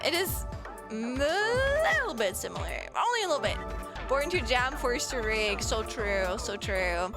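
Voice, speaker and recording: A woman's voice: fairly high pitch, sing-song, unhurried. A German woman streamer chatting casually and laughing a lot with her chat, with a German accent. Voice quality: giggly, self-deprecating banter with chat. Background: game music.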